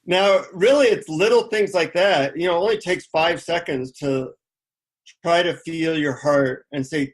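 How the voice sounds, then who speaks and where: A man being interviewed as a guest, telling a personal story in an animated, anecdotal way with frequent "you know" and "like". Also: on the high side, a little slow.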